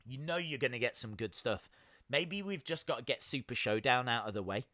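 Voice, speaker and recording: Bright-voiced man rambling on a live stream. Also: mid-range voice, animated, brisk. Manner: rambling, with many fillers and restarts; reads out viewer comments and thanks them. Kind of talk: casual live-stream reaction chat.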